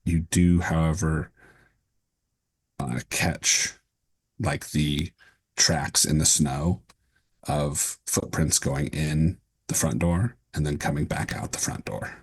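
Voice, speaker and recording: Deep husky game master. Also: male voice, steady tone, slow pace. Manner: explains rules and describes scenes with many fillers. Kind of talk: running a tabletop game.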